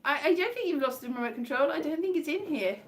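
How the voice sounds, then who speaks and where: Woman, high voice, chatty live-stream ramble from indoors at home. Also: lively intonation, quick pace, background noise. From Wales. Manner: rambling, chatty, jumps between tangents. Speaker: comedian live-streaming to viewers. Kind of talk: casual live-stream chat.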